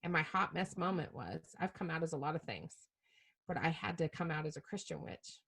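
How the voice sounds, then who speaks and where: A middle-aged woman from Utah, a preacher and podcast guest, telling candid, self-mocking stories in an animated way with frequent laughter. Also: deep voice, brisk, creaky, slightly rough. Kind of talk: candid storytelling chat.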